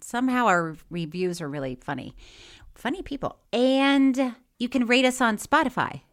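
A woman's voice: fairly high pitch, lively intonation, moderate pace. A woman co-hosting a podcast in casual chat, reading listener mail in a playful, giggly way. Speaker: podcast co-host.

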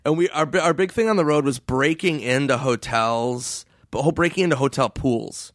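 A man in casual podcast chat, telling road stories with frequent laughs and swearing, jumping into a high goofy voice for quoted people. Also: normal speed, dry recording, clean studio sound. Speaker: podcast guest.

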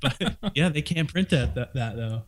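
A man's voice: mid-range voice, animated, moderate pace. A man appearing as a guest on a podcast, chatting casually and teasing the host. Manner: joking, playful teasing. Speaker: guest author on productivity.

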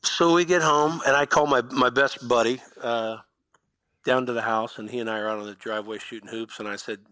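A middle-aged man from Indiana, an animated storyteller who acts out the people in his stories during an interview. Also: mid-range voice, a little fast, no room sound. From Indiana, USA. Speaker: guest, former basketball player.

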